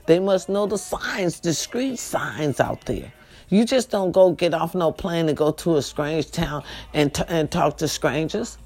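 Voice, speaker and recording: A woman's voice: deep voice, a little mellow. A middle-aged woman, talking to her viewers in a casual, heartfelt monologue, preachy and repetitive, often asking them directly if they understand. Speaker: vlogger.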